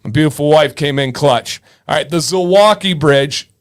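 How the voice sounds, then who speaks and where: A man's voice: on the high side, moderate pace. A man in his thirties from Michigan, hosting a casual livestream and chatting with viewers by name. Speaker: livestream host. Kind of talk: casual livestream chat reading viewer comments.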